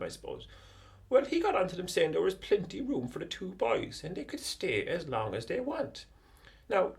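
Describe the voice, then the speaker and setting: Lively Irish yarn-spinner, chatty. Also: male voice, sits high, gravelly. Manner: chatty, digressive, animated. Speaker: storyteller. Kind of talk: comic yarn telling.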